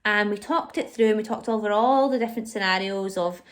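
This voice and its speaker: A woman's voice: mid-range voice, brisk. A young woman telling her own pregnancy story to camera, candid and emotional, with frequent fillers and restarts. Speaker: vlogger.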